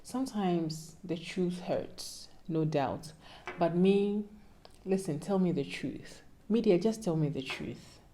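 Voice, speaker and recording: Speaking slowly over slight background noise, a young vlogger with a Ghanaian accent gives relaxed advice to her audience. Her low, mellow voice carries a playful, pleading quality that occasionally resembles preaching.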